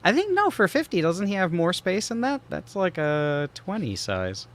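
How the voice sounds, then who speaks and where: A woman's voice: on the low side, big pitch swings, normal speed. A woman hosting a casual podcast, recapping clips in a chatty, giggly way with lots of fillers. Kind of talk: casual chat.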